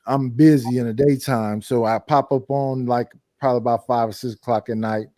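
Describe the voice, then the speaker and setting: Halting man with a mellow voice. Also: mid-range voice, fairly even intonation, no room sound. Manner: halting, repeats words. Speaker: livestream guest. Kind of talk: casual chat.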